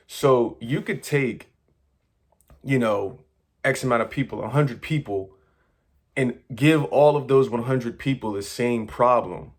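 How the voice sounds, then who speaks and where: Earnest man lecturing, steady mid pitch. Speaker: manifestation coach. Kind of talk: motivational monologue to viewers.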